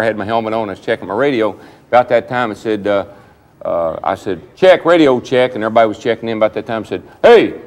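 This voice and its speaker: Fast-talking man telling racing stories. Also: lowish voice. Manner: fast, animated storyteller acting out quotes. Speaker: former driver telling stories. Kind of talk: casual storytelling among old racers.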